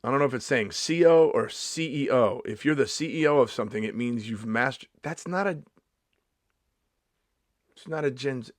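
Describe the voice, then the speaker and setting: A man's voice: mid-range voice, moderate pace, dry recording, studio quality. A man in his fifties doing a sarcastic, mock-indignant comedy vlog monologue, swearing freely as he rants. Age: 50s.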